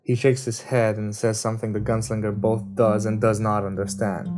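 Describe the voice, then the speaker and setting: A man reading a novel aloud as an amateur audiobook, narrating in a steady, measured way. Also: fairly low pitch. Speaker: reader. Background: guitar music.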